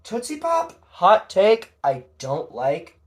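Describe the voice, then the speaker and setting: A man's voice: high-pitched, huge pitch swings, takes it slowly. A young man talking casually on his own, rambling and hesitant, with frequent fillers and casual swearing. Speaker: podcast narrator. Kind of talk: casual solo commentary.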